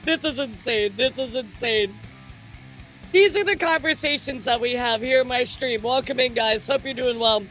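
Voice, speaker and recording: A woman streamer chats casually with her viewers, telling animated stories and swearing freely. Her voice sits fairly high, with faint music underneath. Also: normal speed. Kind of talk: casual livestream chat.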